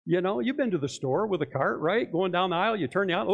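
A man's voice: sits high, lively intonation, quick pace, vocal fry, muffled recording. A male pastor preaching a sermon in church, talking conversationally and putting many questions to his listeners.

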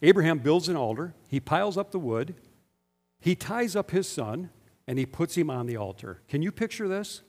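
A pastor preaches a sermon emphatically, repeatedly putting rhetorical questions to the congregation. His voice is a little high and sing-song, a little mellow, at normal speed, and the recording carries a long hall reverb.

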